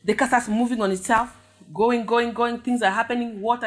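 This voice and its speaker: Animated storyteller woman from Africa. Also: a little high, fairly quick, soft background music. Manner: animated, mimics sounds with her mouth. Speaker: vlogger. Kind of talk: casual storytelling.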